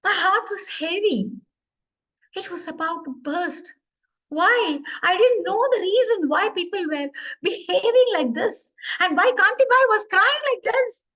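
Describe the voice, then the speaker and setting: A woman's voice: very high-pitched, animated, a little slow, fairly bright tone, voice pushed up, exaggerated voice, poor audio. A woman, telling a live story and voicing a personified city that laments being abandoned, her voice rising in dramatic outcries. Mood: distressed.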